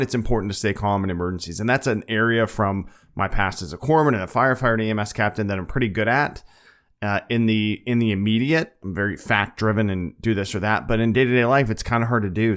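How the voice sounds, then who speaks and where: A man's voice: lowish voice, fairly quick, clear, resonant tone. A middle-aged man hosting his own podcast, talking earnestly and plainly, often checking in with a "right?". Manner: earnest, plain-spoken, frequent "right?" asides. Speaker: podcast host. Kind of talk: casual monologue.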